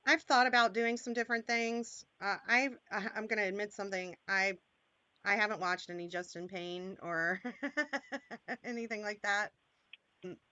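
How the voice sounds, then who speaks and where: A woman's voice: mid-range voice, moderate pace, pushed and bright, lo-fi sound. A woman from Maryland hosting a channel, chatting casually, rambling and laughing a lot. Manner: laughing, rambling, self-interrupting. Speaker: channel host. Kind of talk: casual chat.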